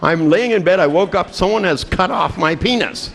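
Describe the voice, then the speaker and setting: A man's voice: high voice, animated, moderate pace, creaky, a bit bright, a little hiss or hum, pitched above the performer's own voice, full character voice. A man voicing a frightened, bewildered husband who speaks in a dazed, hesitant way.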